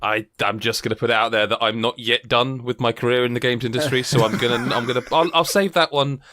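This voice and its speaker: A man hosting a podcast in casual, animated chat, often laughing and cutting in. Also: mid-range voice, fast talker, slight background noise. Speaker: podcast host.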